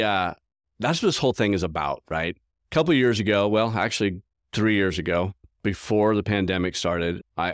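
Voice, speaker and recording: A man's voice: lowish voice, no echo, clean studio sound. A man hosting a podcast, telling stories in an earnest, enthusiastic, casual way. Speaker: podcast host. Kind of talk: casual storytelling monologue.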